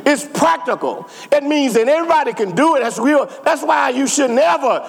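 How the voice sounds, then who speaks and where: A very high, gravelly male voice, expressive and at a normal pace, preaches a sermon. The pastor repeats phrases and calls out to the congregation in call-and-response style, recorded in a sanctuary with long reverb.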